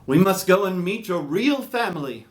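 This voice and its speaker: A man doing his eerie deadpan alien dad. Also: normal speed. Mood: eerie, hushed. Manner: low, hushed, dead serious.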